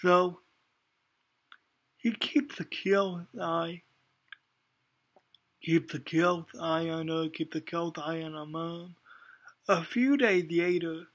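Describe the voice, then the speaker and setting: A man's voice: fairly high pitch, slow pace, long pauses, fairly bright tone. A man giving a casual spoken anime review, hesitant, with many ums and restarts.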